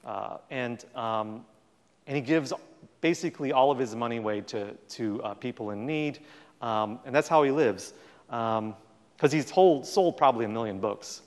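Animated male speaker in a reverberant hall. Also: medium pitch, moderate pace. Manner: animated storytelling, acts out quoted dialogue. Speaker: guest speaker. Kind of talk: public talk with audience Q&A.

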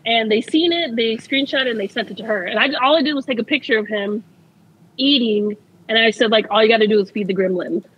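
A young woman tells her story in a loose, chatty way, with a husky and fairly high voice. The recording sounds dull and dry. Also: quick pace. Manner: chatty, laughs often, fillers like "like" and "I'm like". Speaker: interview guest. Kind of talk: casual storytelling interview.

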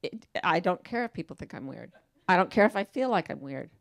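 Female author guest: textured, gravelly tone, emphatic and playful delivery. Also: on the low side, expressive, fairly quick, dry recording, clean studio sound. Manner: emphatic and playful, quotes herself in voices. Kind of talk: casual onstage interview talk.

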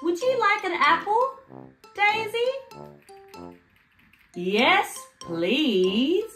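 A woman presenting a video for toddlers in a slow, exaggerated, sing-song way, repeating words for little ones to copy. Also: very high-pitched, sing-song. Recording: echoey room with faint music underneath.

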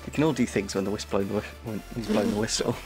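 Dry, gravelly man teasing. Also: fairly low pitch, fairly even intonation, rapid-fire, over music. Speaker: opponent player. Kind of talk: casual banter during a game.

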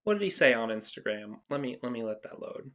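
Exasperated vlogger, ranting reaction style, swears, bursts out loud mid-sentence, mid-pitched voice. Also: very animated, brisk. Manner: reads quotes aloud and interrupts them. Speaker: video commentator.

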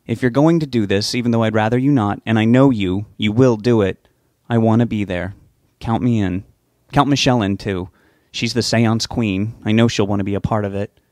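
A man reading an audiobook, voicing a blunt, protective young woman friend with a sharp, sarcastic edge. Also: fairly low pitch, steady tone, normal speed, no room sound, close to an everyday voice. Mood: resigned. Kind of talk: audiobook character voice.

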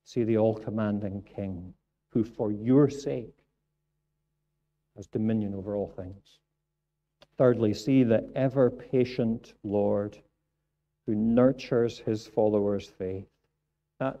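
A man's voice: on the low side, fairly even intonation, slow pace, pauses often, dark tone, dull audio. A man preaching a sermon in church, earnest and repeating phrases for emphasis. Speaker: pastor.

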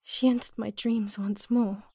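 A woman's voice: mid-range voice, little pitch movement, a little slow, a crowd in the background, close to an everyday voice. A woman voicing a troubled young woman in a game, speaking a worried inner monologue. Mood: brooding. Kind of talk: game voice acting.

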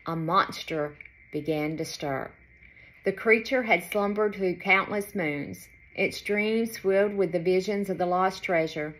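A woman author reading her children's storybook aloud in an expressive, lilting way. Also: mid-range voice.

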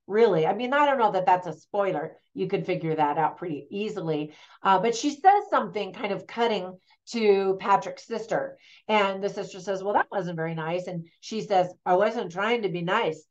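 A middle-aged woman hosts a relaxed movie review and talks in a friendly, chatty way. Her voice sits at a medium pitch and she laughs lightly between points. The recording sounds a little dull and lo-fi. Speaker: film reviewer and host. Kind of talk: casual spoken movie review.

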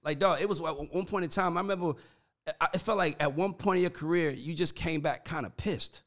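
His voice sits on the high side and moves briskly as he hosts a loose, casual chat. He's a podcast host who manages writers and producers, and he tells animated, profane, slangy stories packed with "like" and "dog."

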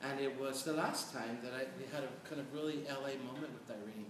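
A middle-aged man on a panel, telling stories in an animated, chatty way and checking in with "right?". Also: medium pitch, a little fast. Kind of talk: storytelling on a panel. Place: large echoey hall at a panel event. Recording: echoey hall from far off, noisy.

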